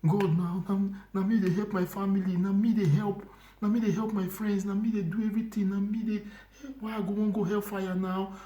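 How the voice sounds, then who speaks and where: A man tells his testimony in a mellow, warm voice. He pushes some phrases out loud, drops others to a breathy whisper and circles back over his own words. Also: high-pitched, level tone, fairly quick. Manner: emotional, swinging from loud emphasis to hushed whispers; repetitive, restarting phrases. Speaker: church brother giving testimony. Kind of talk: personal testimony.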